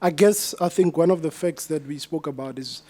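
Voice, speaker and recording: A man's voice: fairly high pitch, moderate pace, warm tone. A man in the audience asking a question at a book launch, searching for his words as he goes. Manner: searching, loose phrasing.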